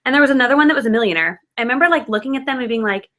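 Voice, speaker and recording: Woman, 30s, casual storyteller: bright, slightly high voice, chatty and self-deprecating. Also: rapid-fire. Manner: chatty, filler-heavy, self-mocking. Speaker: guest speaker.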